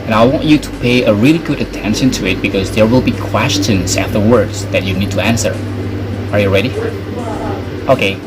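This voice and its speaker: A man's voice: lowish voice, a little fast, low-quality recording. A man with an Indonesian accent hosting an online English listening lesson, friendly and encouraging. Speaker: English teacher, channel host. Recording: loud background music.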